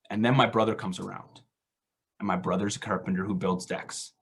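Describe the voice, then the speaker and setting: A man's voice: mid-range voice, brisk, fairly bright tone, slightly rough. A man giving a casual, self-deprecating faith reflection at an online recovery meeting, full of rhetorical questions.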